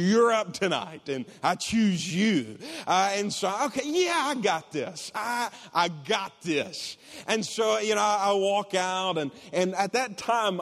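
A man in his thirties delivers a sermon in a large church, his voice a touch high and carried by long reverb. He speaks earnestly and personally, climbing into excited shouts when a story takes off. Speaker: pastor.

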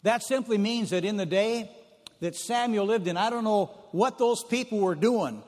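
High-voiced preacher in a reverberant hall. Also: male voice, moderate pace, darkish tone. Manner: folksy storytelling, repeats phrases for emphasis. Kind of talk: sermon.

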